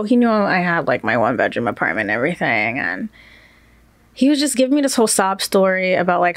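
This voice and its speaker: A young woman in her twenties telling a storytime on her vlog, animated and laughing as she acts out the people she quotes. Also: medium pitch, no room sound. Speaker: YouTube vlogger.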